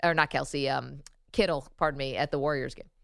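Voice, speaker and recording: A woman co-hosting a casual sports talk show, chatty and animated. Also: very deep voice, vocal fry, no echo, studio quality. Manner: chatty and animated, quick to laugh.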